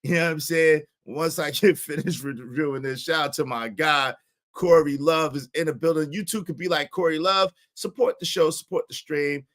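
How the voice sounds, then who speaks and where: A man hosting a live stream, giving emphatic, repetitive commentary and shouting out supporters. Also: fairly high pitch, moderate pace.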